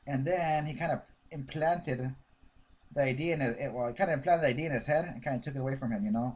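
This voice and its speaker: A man giving casual sales coaching in an animated way, acting out pitch dialogues with prospects. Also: fast. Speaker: network marketing coach.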